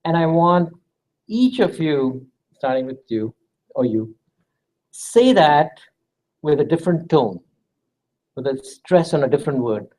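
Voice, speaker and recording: A man's voice: fairly high pitch, warm tone, low-quality recording. A man teaching a class, walking students through an exercise and drawing them in. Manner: interactive, coaxing students to take part. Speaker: instructor. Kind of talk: classroom lecture.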